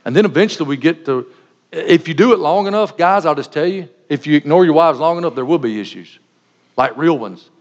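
A man's voice: fairly high pitch, animated, a little fast. A middle-aged man preaching a sermon, folksy and joking, acting out little everyday scenes. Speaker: pastor. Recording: dull sound with long reverb in a large hall.

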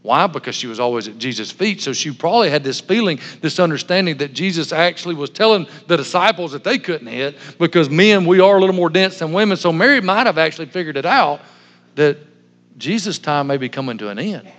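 A man's voice: a little high, expressive, brisk, fairly bright tone, highs cut off. A man pastor giving a sermon, telling stories in a humorous, self-deprecating way. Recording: long hall reverb.

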